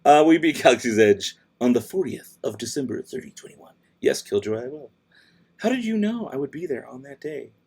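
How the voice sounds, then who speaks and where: With a sing-song, mid-range voice that's a little mellow and husky, a father hosts a late-night livestream from home. He reads chat questions aloud at a slightly quick pace, answering with casual sass while juggling other tasks.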